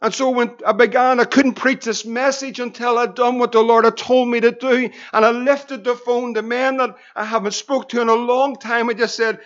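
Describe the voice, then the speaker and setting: A man's voice: very high-pitched, flat delivery, normal speed, hardly any pauses, a bit bright. A middle-aged man, preaching a sermon, piling up rhetorical questions and telling anecdotes with a chuckle. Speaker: pastor. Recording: dull lo-fi recording.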